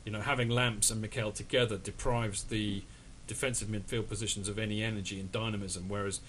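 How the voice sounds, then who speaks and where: Man, podcast host, bright forceful voice, rambling casual chat, faint noise. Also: fairly low pitch, fairly even intonation, a little fast. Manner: chatty, rambling, full of restarts and fillers. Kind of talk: casual football fan chat.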